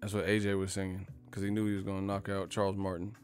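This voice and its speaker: A man's voice: sits low, monotone, fast, soft background music. A man hosting a casual live stream, rambling and swearing freely and laughing often.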